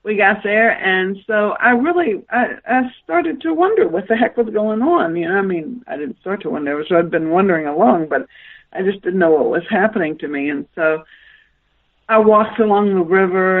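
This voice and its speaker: Woman telling stories over a tinny phone line. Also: fairly low pitch. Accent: Southern American. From Southern United States. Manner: rambling, animated storytelling with laughs. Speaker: guest author. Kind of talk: storytelling in a phone interview.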